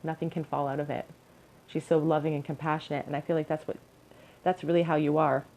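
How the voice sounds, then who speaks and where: A woman's voice: deep voice, little pitch movement, fast, darkish tone, low-quality recording. A young woman giving an encouraging, earnest pick-a-card tarot reading to her viewers. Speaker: tarot reader.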